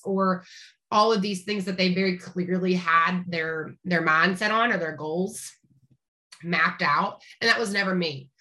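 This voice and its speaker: A woman's voice: fairly low pitch, moderate pace, bright, forceful tone. A woman in her thirties from rural East Tennessee, a veterinarian chatting as a podcast guest with an upbeat, talkative manner. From rural East Tennessee, Appalachia. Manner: chatty, upbeat, frequent restarts and laughs. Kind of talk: casual interview chat.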